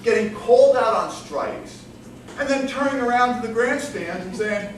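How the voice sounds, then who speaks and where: A man giving a humorous competition speech, telling a story with animated comic timing, recorded from a distance in a large hall with the audience laughing. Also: very high voice, normal speed. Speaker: contest speaker. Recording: echoey hall from far off, with room noise.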